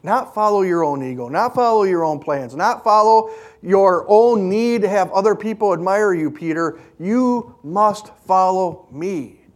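High-voiced male pastor preaching earnestly. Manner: earnest, emphatic storytelling. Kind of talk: sermon.

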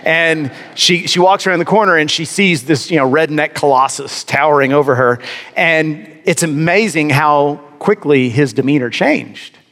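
Pastor guy spinning a funny self-deprecating story, slightly high voice, echoey hall. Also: normal speed, fairly bright tone. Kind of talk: sermon with humorous personal story.

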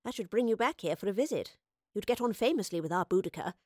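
A woman's voice: mid-range voice, lively intonation, fast talker, warm tone, no echo, studio quality, close to an everyday voice. A woman voicing an eccentric, cheerful female professor who talks in a whimsical, self-amused way. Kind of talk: audiobook character voice.

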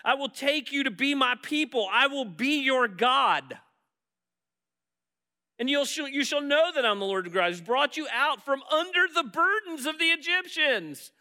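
A man preaching a sermon as pastor, animated as he acts out Bible scenes and dropping soft when leading prayer. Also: very high voice, measured pace.

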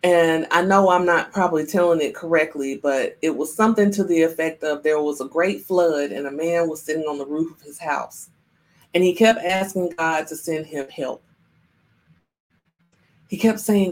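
A woman in her younger adult years hosts a spiritual livestream and talks straight to her viewers. Her voice sits a little low. She keeps slipping into playful voices to act things out. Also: normal speed, rough recording. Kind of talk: live-streamed spiritual talk.

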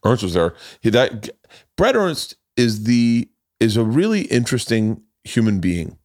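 A man's voice: mid-range voice, big pitch swings, measured pace, a little mellow, no echo, studio quality. A man hosting a podcast in casual chat, rambling and swearing, often acting out what others said in his story. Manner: rambling, profane, acts out quotes in others' voices. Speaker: podcast host.

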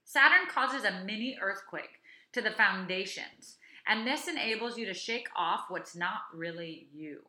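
A woman's voice: medium pitch, expressive, unhurried, bright, forceful tone, reverberant. A woman in her thirties co-hosting a casual chat, talking things through and reading aloud from a website. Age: 30s. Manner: chatty, reads aloud from a website. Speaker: podcast co-host.

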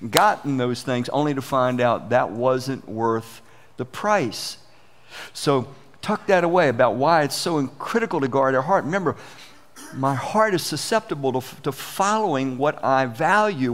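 A man preaching a sermon as pastor, earnest and conversational, often restarting his phrases. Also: medium pitch.

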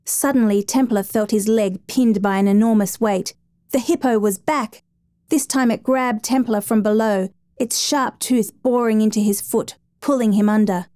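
A woman reading a dramatic true story as a steady, measured narrator. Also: a little high, no echo.

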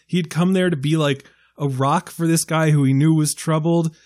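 A man on a podcast panel talking about a film in a casual, animated way, swearing freely and stressing his points. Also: on the high side, normal speed, no echo, clean studio sound. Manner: animated, profane, emphatic.

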